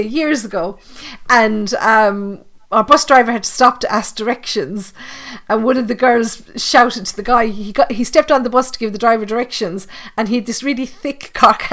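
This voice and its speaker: An Irish woman hosts a relaxed podcast interview, chatty and quick to joke. Her voice sits a little higher than most. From Ireland. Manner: chatty, jokey, laughs easily. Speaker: podcast host. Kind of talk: casual interview chat.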